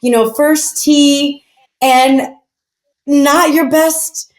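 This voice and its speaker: A woman guest on a podcast telling stories in a lively, chatty way with lots of fillers. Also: high voice, drawn-out words. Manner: animated, chatty, many fillers. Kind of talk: casual storytelling. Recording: roomy echo.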